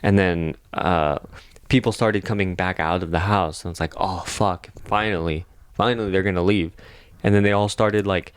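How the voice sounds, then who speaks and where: A young man with a very low, deep voice tells a long story on a podcast. He rambles, stacks up fillers and swears freely. The sound is close and dry, with no room echo. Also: fairly even intonation, normal speed, clean tone. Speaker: podcast co-host. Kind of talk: casual storytelling.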